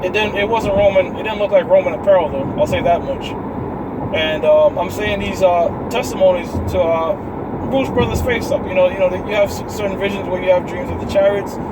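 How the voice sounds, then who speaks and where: High-voiced man rambling through a testimony. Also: very noisy. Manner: rambling storytelling, addresses listeners as brothers. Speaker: member sharing religious testimonies. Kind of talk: casual spoken testimony to a live audience.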